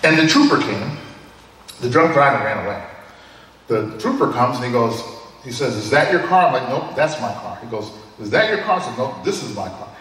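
A man's voice: medium pitch, animated, brisk, a bit bright. A man in his sixties preaching a sermon, telling personal stories in a conversational way and often chuckling. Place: church hall. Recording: echoey hall from a distant mic.

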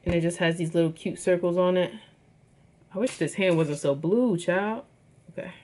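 A woman's voice: on the low side, moderate pace, mellow. A woman chatting casually to her viewers as she unboxes and shows off jewelry, calling them y'all. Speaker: vlogger.

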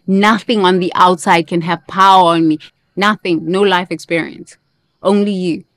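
A woman's voice: lowish voice, steady tone, moderate pace, a bit bright, dry recording, studio quality. A woman hosting a motivational self-help monologue, emphatic, repeating key phrases and sometimes breaking into playful sing-song chants. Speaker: host.

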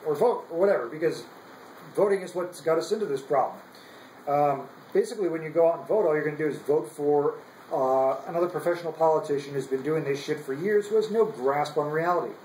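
A man's voice: a little high, quick pace, a little mellow, reverberant, a little hiss or hum, rough recording. A young man on active military duty, giving a heated, profane political rant full of repeated words. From United States. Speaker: active duty service member.

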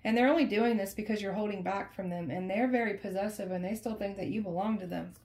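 In the middle of a casual tarot reading, a woman talks straight to her viewers, emphatic and conversational, and keeps circling back to repeat herself. Her voice is at an ordinary pitch for a woman, with a darkish tone and a quick pace. A little hiss or hum runs under the recording.

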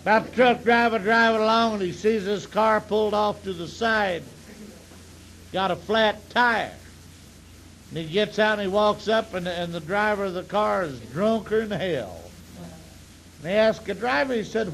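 A man's voice: high-pitched, unhurried, gravelly, a bit bright, a little hiss or hum, rough recording. A tipsy man telling crude jokes in a rambling, profane way, often repeating himself. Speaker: stand-up comedian.

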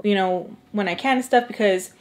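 A woman's voice: medium pitch, moderate pace. A young woman, a makeup artist telling a long storytime while she eats, chatty and acting out what others said. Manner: chatty, acts out quoted voices, drops into Spanish slang. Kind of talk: storytime chat while eating.

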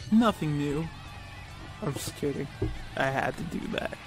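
A young man co-hosting a casual gameplay video, joking, swearing and breaking into loud shouts when excited. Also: on the high side, unhurried, faint music behind. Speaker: gaming video co-host.

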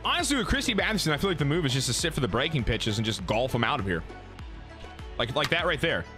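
A man giving live gameplay commentary, excitable and full of profane trash talk. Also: mid-range voice, fast, soft background music. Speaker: gaming YouTuber.

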